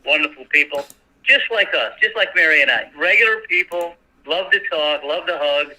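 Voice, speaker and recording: An older man talking as a guest in a folksy, chatty way, pausing with fillers. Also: a little high, animated, sharp tone, poor audio. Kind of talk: casual chat.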